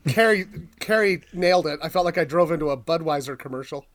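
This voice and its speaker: A man's voice: on the high side, expressive, fast talker, a bit bright. A man hosting a podcast, telling rambling stories in casual chat with lots of ums. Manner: rambling storyteller, filler-heavy, swears. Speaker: podcast host.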